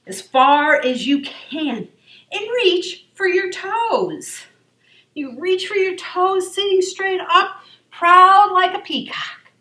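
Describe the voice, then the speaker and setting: A woman leading a children's yoga class in a library room, gentle and encouraging. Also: sits high. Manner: encouraging, gentle and sing-song. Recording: echoey room, voice from far off.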